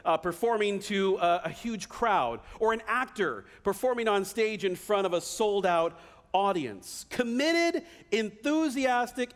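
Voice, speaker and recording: A man pastor preaching a sermon in a church, animated, now and then acting out the voices of people cheering. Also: high-pitched. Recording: reverberant church hall.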